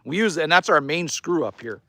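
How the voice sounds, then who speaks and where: A Canadian man with a fairly high voice that swings widely in pitch, chatting casually on a livestream. He rambles and swears lightly as he talks to viewers from outdoors beside a fire. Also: lively intonation, a little fast, sharp tone, dry recording. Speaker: livestream host. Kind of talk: casual live-stream chat reading viewer comments.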